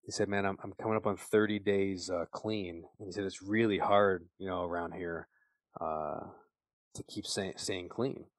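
A middle-aged man hosting a podcast, telling a personal story in an earnest, animated way with frequent fillers. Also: low voice, normal speed, no room sound. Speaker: podcast host.

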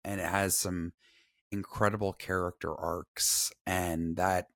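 A woman's voice: a bass voice, flat delivery, slow, no echo. A woman co-hosting a podcast in casual chat, often agreeing with murmured mm-hmms. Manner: warm agreeing listener, frequent mm-hmms. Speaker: podcast co-host. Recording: dry close sound, remote call.

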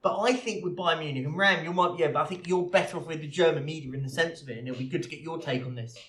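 A man co-hosting a casual football podcast, talking in halting restarts and homespun analogies. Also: a little high, a bit bright. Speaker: podcast co-host. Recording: roomy echo.

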